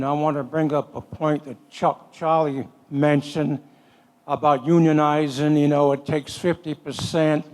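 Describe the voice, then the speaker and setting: A man's voice: fairly high pitch, darkish tone. An older man, a retired worker, making a plain-spoken, folksy comment from the audience at a forum. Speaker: audience member.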